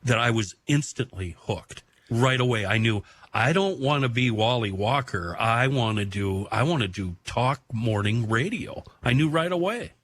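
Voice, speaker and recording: A man hosting a podcast, chatting and reminiscing in a halting, filler-heavy way. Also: mid-range voice, lively intonation, a bit bright. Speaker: podcast host. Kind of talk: casual chat.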